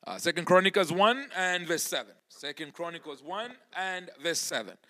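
A man's voice: high voice, normal speed, bright, forceful tone. A male pastor preaching a church sermon, emphatic and driving his points home by repeating key words. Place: church service.

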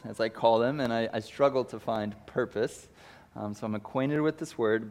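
A man in his thirties preaching a sermon as a pastor, reading scripture and acting out the quoted lines with lively emphasis. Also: mid-range voice.

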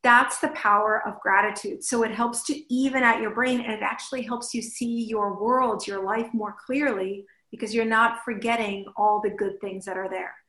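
A woman giving an animated motivational talk, acting out her own inner voice in little scenes. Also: medium pitch, moderate pace, few pauses, roomy sound, low-quality recording. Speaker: host and speaker.

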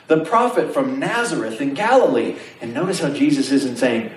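Animated preacher in a roomy hall. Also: male voice, medium pitch, normal speed. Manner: animated storytelling preacher, asks the congregation questions. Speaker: pastor. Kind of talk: sermon. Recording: roomy sound from some distance, faint ambience.

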